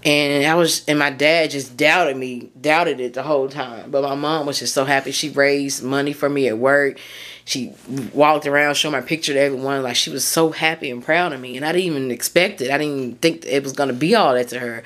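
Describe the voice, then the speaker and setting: A woman's voice: rumbling low, fairly even intonation, a little fast, a bit bright. A woman, hosting a solo podcast and talking in a candid, rambling way that often circles back and corrects itself. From Tennessee, US. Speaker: podcast host.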